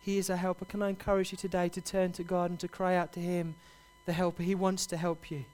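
A man preaching a sermon, building to loud, impassioned repeated cries. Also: high-pitched, level tone, fast.

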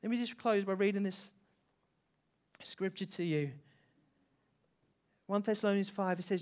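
A preacher telling an emotional story in a sermon, slowing down and dropping soft for emphasis. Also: mid-range voice, steady tone.

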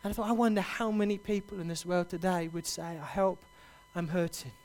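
A man preaching a sermon, building to loud, impassioned repeated cries. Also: high-pitched, fairly even intonation, fairly quick.

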